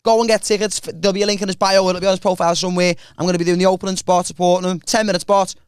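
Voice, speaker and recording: A young man, co-hosting a podcast and excitedly plugging an upcoming comedy gig. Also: sits high, very fast, smooth, dry recording, clean studio sound. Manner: excitable, plugging gigs, swearing. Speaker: podcast co-host and stand-up comedian. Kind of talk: casual chat.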